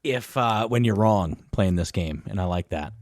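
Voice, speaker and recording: Low-voiced man, rambling podcast chat. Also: darkish tone, no echo, studio quality. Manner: rapid, rambling, laughs often. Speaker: podcast co-host. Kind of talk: casual chat.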